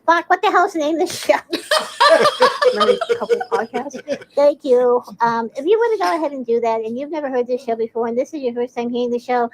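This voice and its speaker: A woman's voice: high-pitched, expressive, a little fast, very noisy. A woman rambling through a casual message to a podcast, forgetful and swearing.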